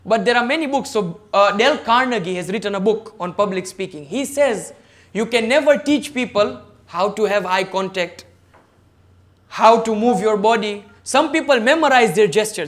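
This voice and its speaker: His voice sits high, a bit bright and expressive, at normal speed, as this man gives a motivational public speaking lecture via video call. Invited to a service club forum, he emphatically works through his points in order and asks the audience questions.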